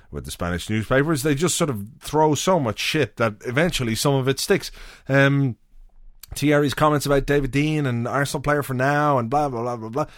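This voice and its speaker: Male podcast host, dry close mic, lively up-and-down delivery, sardonic and profane. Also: mid-range voice, no room sound. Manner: wry, sweary, rambling with many fillers. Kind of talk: casual solo podcast monologue.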